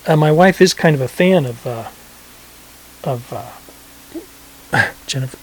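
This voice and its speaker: A man co-hosting a podcast, chatting casually with hesitant, halting speech. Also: on the high side, lively intonation, husky, poor audio. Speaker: podcast co-host. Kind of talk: casual chat.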